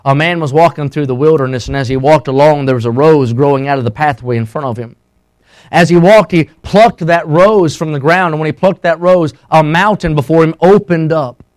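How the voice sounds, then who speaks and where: A man's voice: a little high, a little fast. Impassioned preacher, man. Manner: impassioned preaching, swinging from loud to hushed. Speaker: pastor. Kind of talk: sermon.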